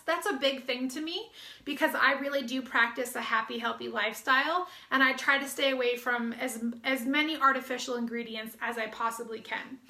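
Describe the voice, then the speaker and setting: Her voice is high, bright, and forceful, and it bounces around a reverberant room. An American fitness business coach from the United States, she gives a cheerful, talkative promotional pitch while slightly breathless, peppered with fillers and restarts.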